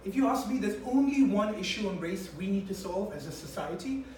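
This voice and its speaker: A young man from India with an English accent that still carries some Indian traces, performing a swearing, animated stand-up set for a few friends. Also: high-pitched, fairly quick, a little hiss or hum. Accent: Indian-English, mostly English. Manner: animated, acting out voices, swearing. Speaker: stand-up comedian. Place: small room with a few friends. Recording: echoey room from a far mic, faint ambience.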